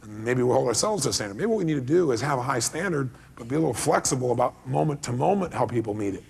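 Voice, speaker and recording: A man giving a motivational seminar talk, animated, acting out quoted dialogue and asking the audience questions. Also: fairly high pitch, vocal fry, slightly rough. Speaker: motivational speaker.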